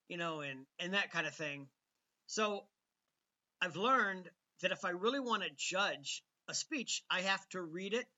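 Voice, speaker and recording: Male show host, casual rambling commentary, bright tone, muffled lo-fi sound. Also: sits high. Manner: conversational, many ums and restarts. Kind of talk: casual political commentary monologue.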